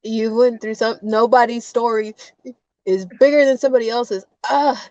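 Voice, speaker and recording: A woman's voice: on the high side, fairly even intonation, moderate pace, darkish tone, no room sound. A woman guest crying and short of breath in a car, apologizing and laughing through her tears on a phone call. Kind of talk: emotional live-stream conversation. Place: inside a parked car.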